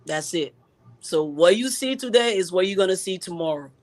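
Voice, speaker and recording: A woman's voice: fairly low pitch, expressive, normal speed. Middle aged woman on a live interview, pushes back hard, says things twice. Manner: emphatic, repeats phrases for force. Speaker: political candidate guest.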